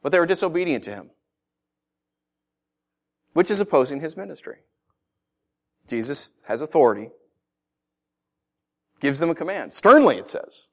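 A man's voice: a little high, moderate pace, long pauses. A man preaching a sermon, reading scripture and acting out the people in it with laughs. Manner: animated, acts out voices with laughs. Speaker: pastor.

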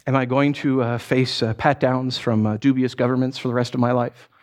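Preaching as a pastor, a middle-aged man tells lively stories, often restarting and acting out asides. His voice is medium in pitch and fairly quick.

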